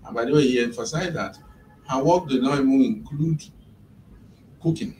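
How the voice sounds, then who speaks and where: A man's voice: medium pitch, a little mellow, slight background noise. Man heard from across an echoey office. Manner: measured, step-by-step retelling. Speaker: employer's representative. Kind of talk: recounting events in a mediation session. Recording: echoey room from a distant mic.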